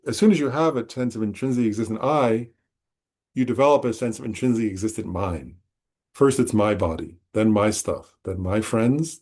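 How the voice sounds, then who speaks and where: Man, Buddhist teacher, husky voice, chatty class talk, asks "right?" a lot. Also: mid-range voice, darkish tone. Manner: conversational, self-correcting, frequent "right?". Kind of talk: informal dharma talk. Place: meditation center class.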